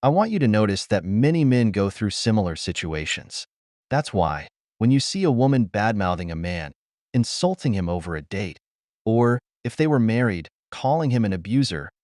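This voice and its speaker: A man's voice: lowish voice, very animated, moderate pace, darkish tone, no echo, studio quality. A man giving scripted reaction commentary, preaching to viewers he calls brothers.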